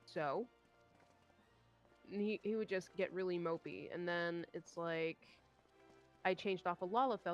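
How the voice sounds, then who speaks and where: A young woman streamer telling a story in casual chat, animated and swearing, acting out what others said. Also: fairly low pitch, measured pace, long pauses, muffled recording, over music. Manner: animated, swearing, acts out quoted voices.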